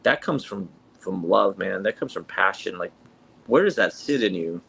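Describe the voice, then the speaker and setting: A man's voice: sits low, expressive, moderate pace, gravelly, a bit bright, a little hiss or hum. A man interviewing his guest, effusive and often restarting his phrases. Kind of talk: interview questions.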